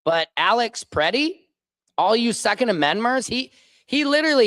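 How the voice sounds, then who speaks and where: A very high-pitched male voice, a bit bright and at normal speed, with no room sound. He's an American livestream host launching into heated, profanity-laden political rants while reading and replying to viewer comments in real time.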